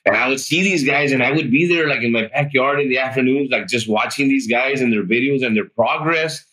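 Bright-voiced man telling his story. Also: mid-range voice, brisk, poor audio. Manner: animated and chatty, full of "like", "right?" and "dude". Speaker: podcast guest sharing his weight loss story. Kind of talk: casual interview storytelling.

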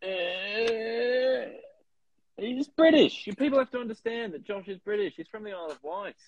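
A man's voice: sits high, lively intonation, normal speed, muffled recording. A man co-hosting a casual podcast chat, joking crudely with lots of swearing and mock outrage. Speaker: podcast co-host.

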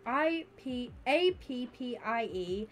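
A young woman streaming live, chatting with her viewers in an excitable, rambling way. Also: a little high, takes it slowly. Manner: chatty and excitable, talks to chat by name. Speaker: Twitch streamer. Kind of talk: casual livestream chat with viewers.

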